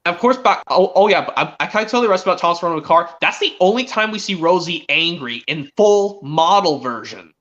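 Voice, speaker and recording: A man hosting a stream, chatting excitedly as a fan and rambling with frequent restarts. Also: high-pitched, a little fast, few pauses. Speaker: stream host. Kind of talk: casual fan chat. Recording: dull lo-fi stream audio.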